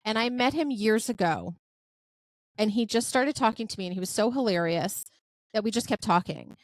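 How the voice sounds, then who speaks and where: In a dry recording, a woman with a fairly high voice speaks at normal speed as she hosts a casual podcast. Chatty and effusive with plenty of filler words, she tells stories energetically and voices the dialogue she quotes.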